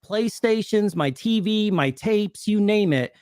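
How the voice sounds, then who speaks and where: Man, casual chat, storyteller, lively swinging pitch, fairly high voice, dry sound. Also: unhurried, no echo. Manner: storytelling, laughs between lines. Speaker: co-host.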